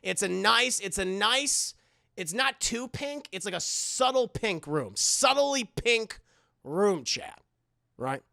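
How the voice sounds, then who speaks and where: A man's voice: high voice, slow, creaky, dry recording, clean studio sound. A man streaming live, recapping a movie in a rambling, casual, profane way and talking to his chat. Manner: rambling, animated storytelling with filler words. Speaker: streamer doing a movie review.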